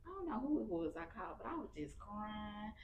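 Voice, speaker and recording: A woman's voice: medium pitch, big pitch swings, brisk, slight background noise. A woman in her thirties, a podcast guest telling her story candidly and with emotion in casual speech. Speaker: podcast guest, cancer survivor. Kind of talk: casual heartfelt interview.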